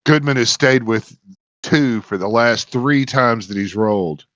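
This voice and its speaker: A man's voice: medium pitch, measured pace, fairly bright tone, dry recording, muffled recording. A man playing in a tabletop role-playing game, chatting casually and eagerly planning tactics. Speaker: player.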